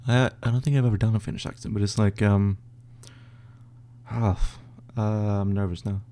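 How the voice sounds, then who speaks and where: A man's voice: fairly low pitch, steady tone, moderate pace, dark tone. Laid-back Swedish man reading chat. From northern Sweden. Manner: laid-back, reads chat questions aloud, hesitant with fillers. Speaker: livestream host answering chat questions. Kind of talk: casual live Q&A.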